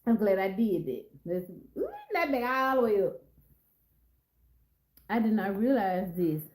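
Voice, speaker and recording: A woman's voice: medium pitch, expressive, a little slow, roomy sound, low-quality recording. A middle-aged woman hosting a casual live stream, chatty and rambling as she talks straight to her viewers.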